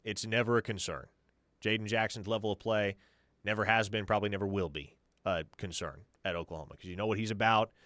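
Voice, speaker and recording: A man's voice: fairly low pitch, fairly even intonation, quick pace, fairly bright tone, no room sound. A man hosting a sports talk radio show, confidently answering listener questions as a team insider. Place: radio studio.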